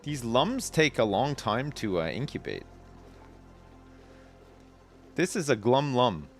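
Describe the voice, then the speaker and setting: A man's voice: mid-range voice, sing-song, moderate pace, faint music behind. A man hosting a livestream, casually commenting on his gameplay, rambling and self-deprecating, and reading game text aloud. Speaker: livestream host.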